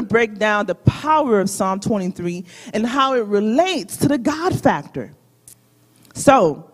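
A preacher at mid pitch urges the congregation on, leading call-and-response and asking them to say the verses together. The voice carries a long hall reverb from the sanctuary. The speaker addresses both the room and an online audience. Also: sing-song, measured pace. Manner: exhorting, asks congregation to repeat lines. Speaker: guest preacher.

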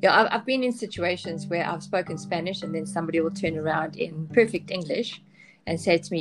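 A woman chatting as a podcast guest, candid and hesitant, with many pauses and restarts. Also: lowish voice, over music. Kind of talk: casual podcast chat.

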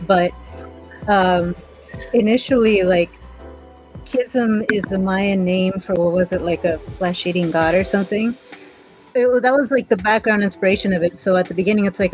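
A woman's voice: mid-range voice, moderate pace, a little mellow, soft background music, low-quality recording. A woman player chatting on a podcast, rambling and self-deprecating, with many "like"s. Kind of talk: casual chat.

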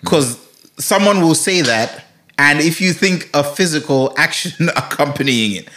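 A young man co-hosting a casual podcast, telling stories with real animation. His voice sits a little high and swings widely as he talks, and he breaks into laughter often. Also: lively intonation, measured pace, bright, forceful tone, slight background noise. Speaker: podcast co-host. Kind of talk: casual chat.

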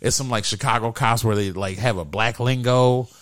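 A man's voice: mid-range voice, normal speed. Man, podcast host, from Detroit, casual comedy chat, loose rambling delivery. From Detroit, USA. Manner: loose, animated storytelling with lots of fillers.

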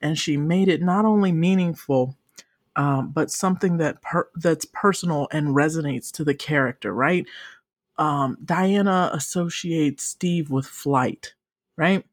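A young woman co-hosts a casual podcast, talking emphatically and swearing freely. Her voice keeps leaping up into high, excited bursts as she gets carried away. She is recorded dry and close, with no room sound. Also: a little slow, dry recording. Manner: emphatic, profane, swings into high excited exclamations. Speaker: podcast co-host. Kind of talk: casual chat.

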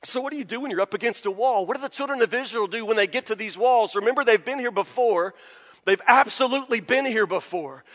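A man preacher delivering a sermon with dramatic, animated storytelling. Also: extremely high pitch, long reverb tail. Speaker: pastor.

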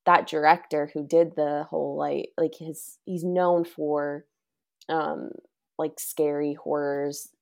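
A woman with a low voice chats casually on a podcast. Her voice is gravelly with vocal fry, and she rambles, filling her talk with "like". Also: level tone, slow pace, a little mellow. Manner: rambling, heavy use of "like". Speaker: podcast co-host. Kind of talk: casual chat.

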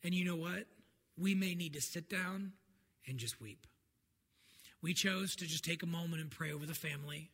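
An earnest man preaches in a relaxed, conversational sermon style, his high voice carrying bright and forward. The sound rings with a long church-hall reverb. A faint noise sits underneath. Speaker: pastor.

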